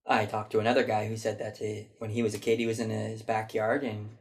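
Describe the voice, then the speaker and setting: This casual storytelling monologue comes from a man vlogging, who reflects aloud and mimics people as he recalls their answers to a question. He speaks briskly and in a monotone, at a fairly low pitch.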